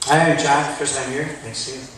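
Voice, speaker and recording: Rambling man from the audience, mid-pitched, far off in an echoey room. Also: level tone, brisk, a bit bright, slight background noise. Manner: chatty, storytelling, quotes others. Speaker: audience member asking a question. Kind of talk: rambling personal question. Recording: echoey hall, recorded from far off.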